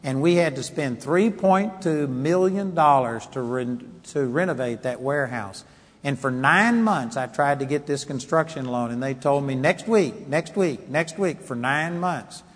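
A man preaching a sermon, telling stories emphatically and swinging from quiet asides to loud declarations. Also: medium pitch, measured pace, big-room sound.

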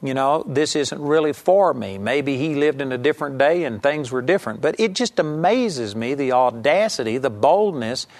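A man's voice: mid-range voice, expressive, moderate pace, few pauses. A man preaching a sermon, teaching earnestly and emphatically, and sometimes acting out the people in his story.

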